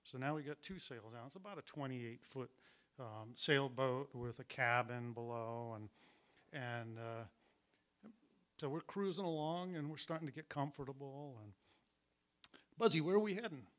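A man's voice: mid-range voice, normal speed, a bit bright. A middle-aged man telling a personal story in a chatty way, laughing now and then and acting out what people said. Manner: chatty, laughing as he tells it, acts out the voices.

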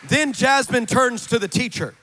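High, bright-voiced preacher man. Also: moderate pace, a faint crowd. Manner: dramatic storytelling, swings from shouting to hushed. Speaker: pastor. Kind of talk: sermon. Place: church.

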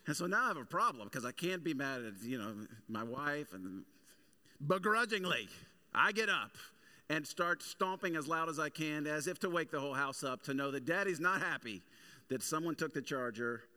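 This thirty-something pastor speaks at normal speed with a fairly high pitch, lively intonation and a sharp tone. His sermon blends humorous stories from daily life with emphatic preaching, starting conversational and building in intensity.

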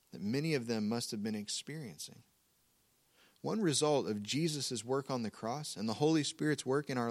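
Male pastor, mid-range voice, steady measured sermon delivery, slows for emphasis. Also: mid-range voice. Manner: calm, measured preaching with slow emphatic repetition.

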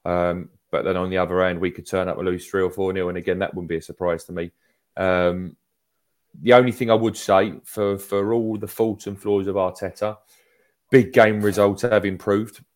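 Deep-voiced laid-back football fan. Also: male voice, little pitch movement, normal speed, darkish tone. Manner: laid-back, says mate a lot. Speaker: podcast panelist. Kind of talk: casual football chat. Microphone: remote call.

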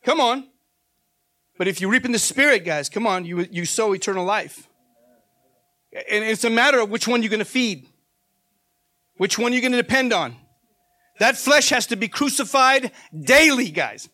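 Male preacher, very high, forceful voice, emphatic informal sermon with repeated call-outs. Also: lively intonation, normal speed, pauses often.

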